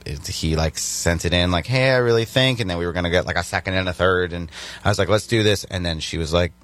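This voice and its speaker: A man's voice: sits low, fast. A young man from Virginia, a stand-up comedian, telling stories in casual chat with lots of restarts. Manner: animated storytelling with many restarts.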